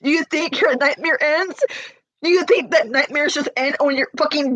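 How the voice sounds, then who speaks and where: A woman in her forties talking to her livestream chat while crying, confrontational and tearful, sometimes breaking into shouts. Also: high-pitched, moderate pace, no echo, dull audio. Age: 40s. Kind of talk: emotional livestream rant.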